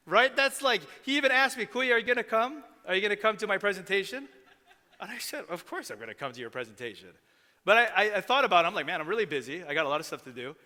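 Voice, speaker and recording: Brief: man, pastor, animated conversational sermon, high-pitched, echoing sanctuary. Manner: animated, conversational, acts out quoted voices. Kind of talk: sermon storytelling. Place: church sanctuary.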